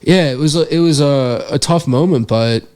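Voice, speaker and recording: A man's voice: on the high side, normal speed, darkish tone, clean tone. A young man, a podcast guest and filmmaker, telling a story in a casual interview, earnest and reflective with many fillers.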